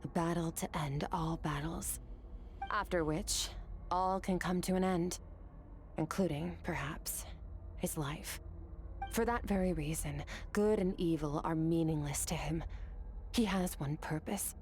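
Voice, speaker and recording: A calm young woman game character , voiced by an actress, speaks earnestly in a lowish, soft voice. She sounds steady and sincere. Faint noise sits behind, as game audio under a stream. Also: unhurried, close to an everyday voice.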